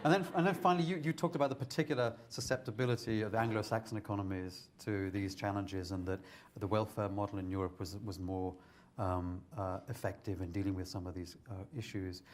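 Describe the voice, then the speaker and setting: A man asking measured, inquisitive questions as an interviewer. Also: on the low side, steady tone, slight background noise.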